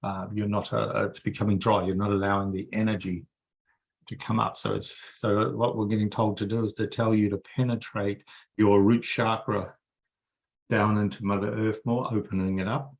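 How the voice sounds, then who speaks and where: A man leading a guided energy-healing meditation for a group, coaxing softly and repeating himself, with many fillers. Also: on the low side, little pitch movement, moderate pace, creaky.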